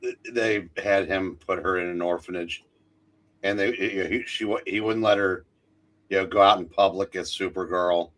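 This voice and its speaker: Lower-voiced man chiming in casually. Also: steady tone, moderate pace, a bit bright, low-quality recording. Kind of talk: casual chat.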